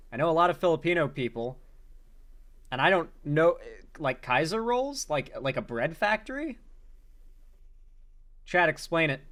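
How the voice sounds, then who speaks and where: A man's voice: on the high side, a bit bright. A man reacting to comedy clips as a commentary host, talking bluntly and profanely with frequent incredulous outbursts.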